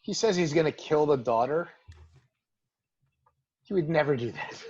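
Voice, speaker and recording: A man's voice: on the high side, lively intonation, a little slow, a little mellow, slightly rough. Male guest, keen detail-spotter, casual chat, slightly muffled lo-fi audio. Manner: enthusiastic, points out details he likes. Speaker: podcast guest. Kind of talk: casual comic book discussion.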